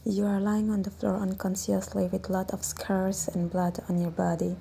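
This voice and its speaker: Brief: woman story narrator, soft and slow, flat delivery, dark tone. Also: medium pitch, vocal fry, slight background noise. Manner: slow, soft, at times whispered. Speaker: fan fiction narrator. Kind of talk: scripted second-person story narration.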